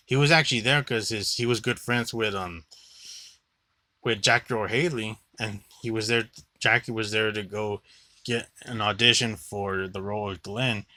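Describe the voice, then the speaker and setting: A man's voice: medium pitch, sharp tone. A young man giving a rambling, blunt movie review monologue, swearing freely and filling gaps with "like".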